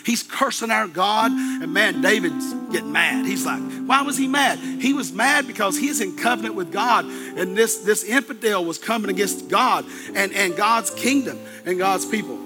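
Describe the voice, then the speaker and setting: A man's voice: high-pitched, expressive, moderate pace, few pauses, music in the background. A man preaching a sermon, retelling a story in a folksy, colloquial way with plenty of asides.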